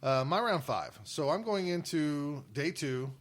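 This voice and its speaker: A man's voice: fairly high pitch, a little slow. A man co-hosting a podcast, telling stories in casual chat and laughing often. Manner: animated storytelling, laughs often. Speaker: podcast co-host.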